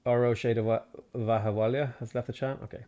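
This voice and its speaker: A man's voice: medium pitch, level tone, brisk, mellow, lo-fi sound. A man with a Dublin Irish accent, streaming a strategy game and chatting in jokey, rambling banter with some swearing. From Ireland (Dublin). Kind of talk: casual gameplay livestream commentary.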